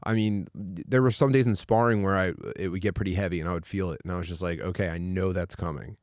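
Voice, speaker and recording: Young male podcast host, low voice, dry close mic, animated storyteller who does voices. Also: fast, no echo. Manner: animated storyteller, acts out other people's voices. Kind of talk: casual podcast chat.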